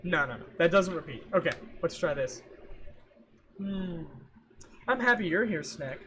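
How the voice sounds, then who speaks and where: A man's voice: a little high, lively intonation, a little slow, long pauses, bright, forceful tone, a little hiss or hum. A man chatting casually on a livestream, rambling and thinking aloud, trailing off mid-sentence and humming between thoughts. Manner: hums and scats between thoughts.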